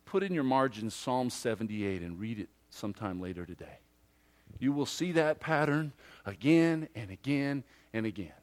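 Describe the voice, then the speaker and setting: A male pastor preaching a sermon emphatically, swinging from loud declarations to hushed asides and acting out imagined listeners. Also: medium pitch, expressive, normal speed.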